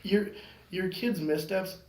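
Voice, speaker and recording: A man's voice: high-pitched, takes it slowly. A man hosting a podcast, telling a story casually with lots of swearing and acting out the voices of the people in it. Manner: profane, animated, acts out quoted voices. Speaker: podcast host. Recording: echoey room with faint noise.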